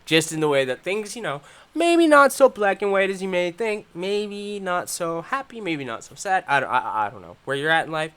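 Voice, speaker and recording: A young man hosting a live stream, talking in a profane, rambling way that swings from loud angry ranting to low, muttered talk. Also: lively intonation, moderate pace, clean tone. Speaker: channel host.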